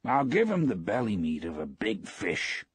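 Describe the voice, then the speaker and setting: A man reading the dialogue of a poor, gentle old fisherman in a calm, plain audiobook style. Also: fairly low pitch, normal speed, husky, voice pushed up, exaggerated voice.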